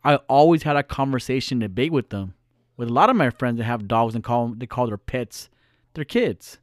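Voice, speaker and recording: A man's voice: mid-range voice, lively intonation, normal speed, no echo, studio quality. A male podcast host talking alone in a casual, earnest, reflective way, repeating phrases for emphasis. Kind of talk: casual solo monologue.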